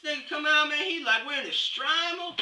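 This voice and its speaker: A man's voice: extremely high pitch, sharp tone, voice pushed up, full character voice. A man voicing a swaggering young man who brags in street slang, in a roomy, distant recording with faint hiss. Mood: boastful. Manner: boastful street slang, drawn-out words. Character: swaggering slangy young man bragging about his hat.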